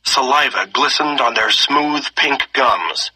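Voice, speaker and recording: Bright, husky man reading a story. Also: mid-range voice, a little slow, rough recording. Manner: expressive reading, slipping into character voices. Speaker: story reader. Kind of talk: reading a story aloud with lesson questions.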